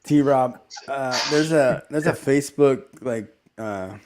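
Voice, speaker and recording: A man chatting casually, hesitating with fillers while he tells a quick story. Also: medium pitch. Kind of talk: casual chat. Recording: noisy line with clicks.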